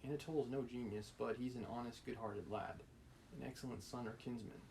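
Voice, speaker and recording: A man's voice: mid-range voice, a little fast, creaky, a little mellow, a little hiss or hum, lightly acted, poor audio. Man reading a crafty courtier. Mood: ingratiating. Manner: ingratiating. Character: crafty middle-aged male courtier, smooth talker.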